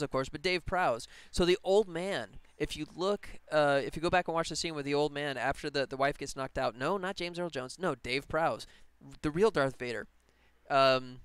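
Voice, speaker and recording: A man's voice: on the high side, fairly bright tone, clean tone, no room sound. A man chatting casually on a live stream while working on a game, rambling and laughing as he talks. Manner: rambling, enthusiastic, laughs often.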